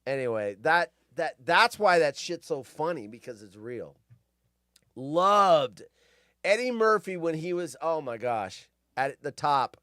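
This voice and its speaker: Unhurried, with big pitch swings, a slightly high and somewhat bright voice carries a fifties-aged California show host through a casual monologue of rambling, nostalgic, tangent-heavy stories. The recording is dry and studio quality.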